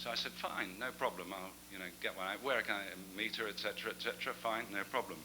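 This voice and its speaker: A man's voice: lowish voice, fast talker, few pauses, sharp tone, slight background noise, rough recording. A man giving an after-dinner talk as guest speaker, a chatty storyteller with self-deprecating asides. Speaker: guest speaker at a club gathering.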